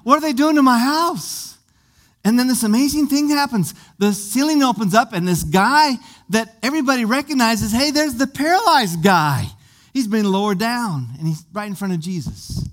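A man's voice: very high-pitched, lively intonation, normal speed, a bit bright. A man preaching a sermon, vividly retelling a scripture story with many questions to his listeners and often repeating small words as he goes.

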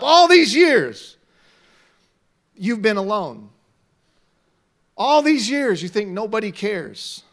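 High, bright-voiced preaching pastor. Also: male voice. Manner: preaching, swings from quiet to shouting. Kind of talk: sermon.

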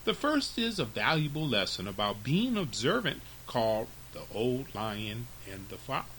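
A man hosting a storytelling podcast, reading fables to children with very expressive, lively narration. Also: mid-range voice, unhurried, a little hiss or hum, rough recording.

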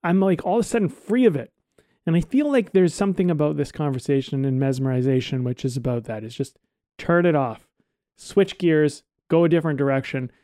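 Laid-back swearing podcast guy, mellow voice. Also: fairly high pitch, a little fast, dry recording, studio quality. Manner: relaxed, rambling, swears casually. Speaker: podcast co-host. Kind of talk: casual podcast chat.

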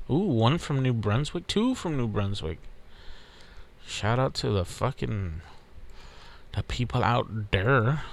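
A Texan man hosts a podcast by himself, delivering a casual solo monologue that rambles, swears freely, and stays laid-back. His voice is lowish and animated, moving at a measured pace.

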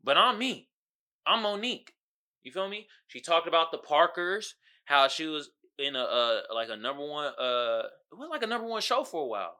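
Dude hosting a podcast, real bright forceful voice kinda high, slangy and animated, keeps going "you feel me". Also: male voice, fairly quick, few pauses. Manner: animated, acts out quotes loudly. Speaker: podcast host. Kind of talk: casual commentary.

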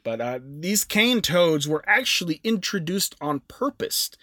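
A man's voice: fairly high pitch, sing-song, measured pace, pushed and bright, dry recording. Chatty man with a dry sound. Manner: chatty, jokey, with self-aware asides. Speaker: podcast co-host. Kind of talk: casual chat presenting researched facts.

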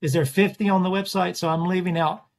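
A portrait artist chats casually in an interview, rambling through his stories and frequently restarting and correcting himself. His high, creaky voice moves fast with fairly flat intonation.

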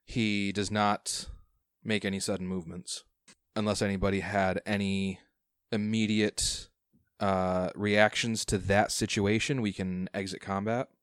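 A man acting as game master, explaining rules in a measured way with frequent restarts. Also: on the low side, flat delivery, clean tone, no room sound, clean studio sound. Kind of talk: running a tabletop game.

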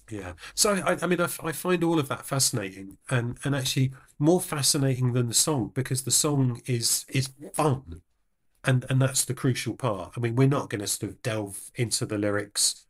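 A man's voice: mid-range voice, moderate pace. A man co-hosting a music podcast, talking in a rambling, hesitant way with many restarts. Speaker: podcast co-host. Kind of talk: casual podcast chat.

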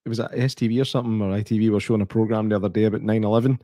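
A Scottish man in his thirties co-hosting a casual film chat, animated, swearing and laughing as he talks. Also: on the low side, very fast, no room sound, studio quality. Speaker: podcast co-host.

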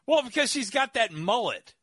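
A man co-hosting a casual movie podcast, playful and excitable. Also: very high-pitched, normal speed, husky, dry recording, clean studio sound. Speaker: podcast co-host.

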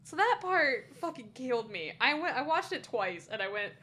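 A woman co-hosting a podcast in casual chat, animated and laughing often as she acts out lines. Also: sits high, moderate pace, a little hiss or hum. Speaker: podcast co-host.

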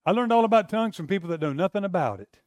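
A man's voice: high voice, very fast, no room sound, clean studio sound. A male pastor preaching conversationally, telling stories from his own life, acting out what he used to say, and checking in with his listeners. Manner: animated storyteller acting out his own past arguments. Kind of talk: sermon with personal stories.

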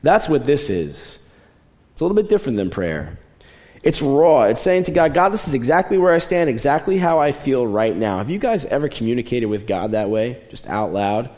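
A young adult man preaching a sermon in a conversational way, moving between raised, emphatic lines and quiet, low asides. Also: sing-song, normal speed. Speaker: pastor.

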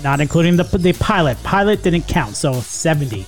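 A man's voice: fairly high pitch, big pitch swings, moderate pace, music in the background. A man hosting a podcast from a home studio, chatting casually, joking, laughing often and swearing now and then. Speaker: podcast host. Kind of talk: casual chat.

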